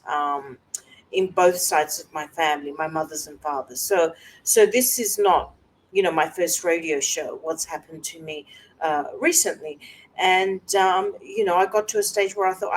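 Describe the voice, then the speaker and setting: A woman host talking personally to camera, soft and halting with many fillers, at times close to tears. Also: on the low side, low-quality recording. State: emotional, close to tears at moments. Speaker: wellness coach and video host.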